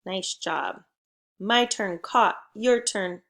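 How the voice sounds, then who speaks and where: A young woman teaching children to spell, speaking slowly and evenly. She leads with a patient call-and-response and gently encourages after each word. Her voice sits at a middle pitch. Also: noisy background. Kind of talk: remote phonics lesson for young children.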